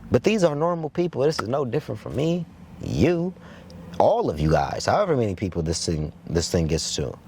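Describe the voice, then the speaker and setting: A man's voice: mid-range voice, brisk, slight background noise. A young man hosting his own show, telling a story in a loose, profane, casual way, with restarts and frequent "you get what I'm saying?" checks. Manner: loose, profane, with repeated filler questions; animated, stumbling restarts when excited. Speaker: host.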